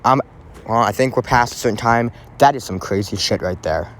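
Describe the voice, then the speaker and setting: A man's voice: lowish voice, brisk, fairly bright tone, slight background noise. A man hosting a casual true crime podcast, talking in a rambling way with lots of fillers and restarts.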